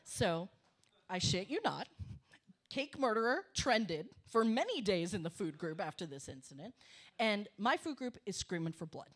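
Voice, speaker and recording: A middle-aged woman telling a comic story on a cafe stage, animated and emphatic, swearing for punch. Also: mid-range voice, normal speed. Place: small cafe stage before an audience.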